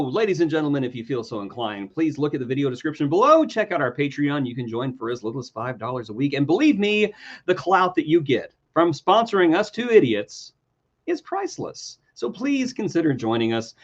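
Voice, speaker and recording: A man's voice: on the high side, sing-song, normal speed, a bit bright, dull audio. A man co-hosting a casual podcast with jokey, self-mocking banter. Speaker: podcast co-host.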